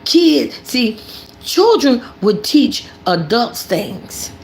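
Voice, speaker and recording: An older woman hosting casual livestream commentary, animated and preachy, talking about herself in the third person. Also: on the high side, extremely slow, creaky, slight background noise. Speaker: commentary channel host.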